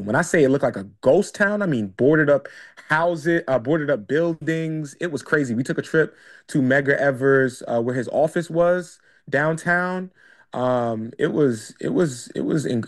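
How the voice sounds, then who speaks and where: A man talking in a casual monologue. He hesitates with many fillers and then builds to emphatic, repeated questions. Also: mid-range voice. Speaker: speaker.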